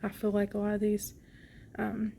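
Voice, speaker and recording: A young woman talks into her phone from a hospital room in an easy, rambling way, full of ums and likes. Her voice is gravelly and stays flat, with a worn-out, slightly grouchy edge. A faint hum sits under the recording. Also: mid-range voice, moderate pace. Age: young adult. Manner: chatty, tired and a bit grouchy, lots of fillers. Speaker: vlogger. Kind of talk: casual hospital update vlog.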